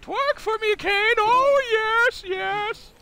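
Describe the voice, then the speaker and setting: A man's voice: very high voice, pushed and bright, slight background noise, voice pushed up, exaggerated voice. A man doing an impression of a pompous older male wrestling boss, drawing out his words. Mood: leering. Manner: drawn-out, breathy "oh yes" delivery.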